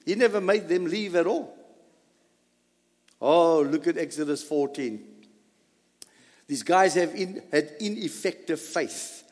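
A man preaching a sermon, swinging between loud emphasis and soft asides. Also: fairly high pitch. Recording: long hall reverb.

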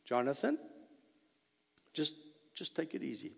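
A preacher putting on a timid naysaying armor bearer. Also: male voice, on the high side, very animated, unhurried, vocal fry, slightly rough, in a large hall, exaggerated voice. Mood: hushed, pleading.

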